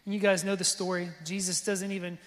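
A man preaching a sermon with lively energy, often asking the congregation if they are with him. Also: high-pitched, fast talker, big-room sound. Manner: lively preaching, asks the crowd for response. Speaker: pastor.

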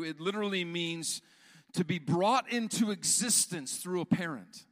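A man preaching a sermon as pastor, animated and often repeating words as he builds a point. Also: high-pitched, a little slow, long reverb tail.

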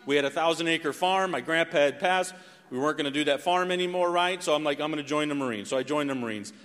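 A man's voice: fairly high pitch, fast. A man in his forties from North Carolina giving a sermon testimony, telling his story with lots of "right?". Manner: animated storytelling with frequent "right?". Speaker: preacher. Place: church sanctuary. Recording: long hall reverb.

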